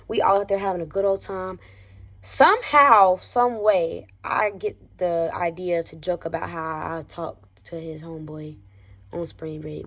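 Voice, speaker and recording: Young woman vlogger, casual slangy storytime, animated, loud-then-hushed delivery. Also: on the low side, slightly rough. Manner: animated, slangy, swinging between loud exclamations and hushed asides. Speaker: vlogger telling a personal story. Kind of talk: storytime vlog.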